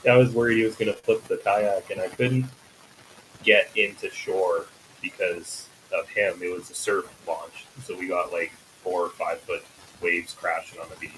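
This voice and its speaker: A man's voice: low voice, steady tone, unhurried, a bit bright, poor audio. A man from western Canada, a kayak angler telling plain, matter-of-fact stories in a casual interview. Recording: faint hiss.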